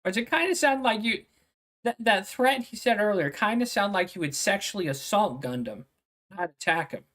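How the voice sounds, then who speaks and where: Woman streamer, sarcastic reaction commentary, mocking, swears, mid pitch. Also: expressive, normal speed, fairly bright tone.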